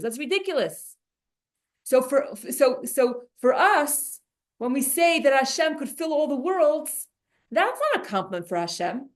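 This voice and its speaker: A woman teaching a Torah class, animated and restarting her sentences often. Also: high-pitched, normal speed. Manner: animated, many restarts and repeated words.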